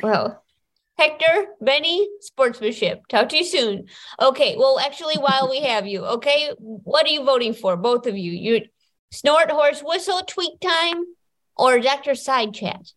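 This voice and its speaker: A woman's voice: high-pitched, expressive, measured pace, fairly bright tone. A woman hosting a comedy call-in game podcast, talking with callers in playful, mock-exasperated banter. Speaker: podcast host.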